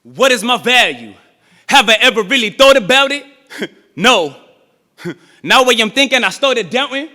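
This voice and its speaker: A young man performs spoken word live, easing from conversational storytelling into chanted, shouted verse. His voice is high for a man. It rings through a church hall with a long echo. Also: lively intonation, moderate pace, long pauses.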